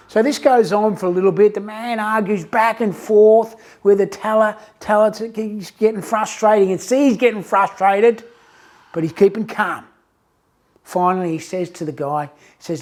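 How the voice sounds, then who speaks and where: A man, a success coach, telling a story in a casual, animated way with frequent restarts. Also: high voice, normal speed. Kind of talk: motivational storytelling.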